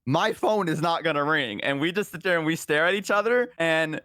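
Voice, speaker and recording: A man's voice: a little fast, dry recording, studio quality. A young man telling a casual anecdote on a stream, acting out the voices in it with hesitant, rising lines. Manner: animated storytelling, acting out quoted lines with rising pitch and hesitations. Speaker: storyteller guest.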